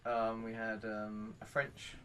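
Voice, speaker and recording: A man's voice: fairly low pitch, takes it slowly, slight background noise. Young man with a Bristol accent. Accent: Bristol English. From England. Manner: relaxed, rambling storytelling with many fillers. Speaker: co-host. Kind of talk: casual chat.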